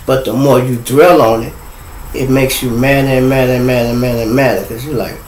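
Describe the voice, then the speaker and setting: A man's voice: mid-range voice, fairly even intonation, fairly quick, a little hiss or hum. Chicago guy hosting a live stream, cussing and talking straight to the viewers, roomy echo on it. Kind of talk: casual live stream rant.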